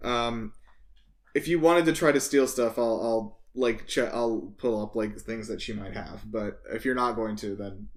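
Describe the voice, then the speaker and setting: A man's voice: on the low side, unhurried. A man running a tabletop game as game master, narrating casually with lots of fillers.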